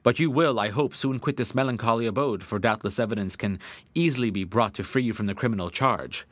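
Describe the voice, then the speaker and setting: A man voicing a kindly older male magistrate who speaks in a formal, measured, sympathetic way. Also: medium pitch, fairly bright tone, dry recording, natural voice. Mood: solemn sympathy.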